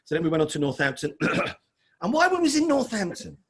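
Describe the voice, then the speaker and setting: A man's voice: sits high, wildly swooping pitch, fast talker, a bit bright, breathy edge. A middle-aged man, telling stories as an interview guest in a chatty way. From London. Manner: chatty, calls the host mate. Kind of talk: casual storytelling.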